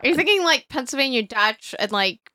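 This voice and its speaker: Woman cohost, jokey and tangent-happy, bouncy pitch, bright tone. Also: animated, brisk, dry recording. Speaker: podcast co-host. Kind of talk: casual chat.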